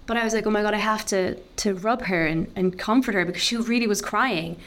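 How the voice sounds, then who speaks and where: A woman, a podcast guest talking candidly and openly about a deeply personal experience, with lots of "like" fillers. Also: brisk, a bit bright. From Ireland. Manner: open, heartfelt, full of "like" fillers.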